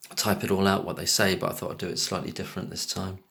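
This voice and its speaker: A man's voice: sits low, flat delivery, fast, gravelly, pushed and bright. Scornful man picking apart a clip. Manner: scornful, talks over clips with pointed questions. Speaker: commentator reacting to a podcast clip. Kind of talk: casual spoken commentary.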